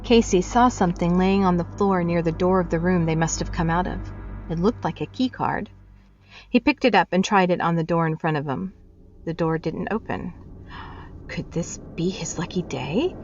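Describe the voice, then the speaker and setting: Woman storyteller, low voice, measured narration, faint music behind. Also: darkish tone, highs cut off. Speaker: reader of short fiction. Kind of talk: storybook reading.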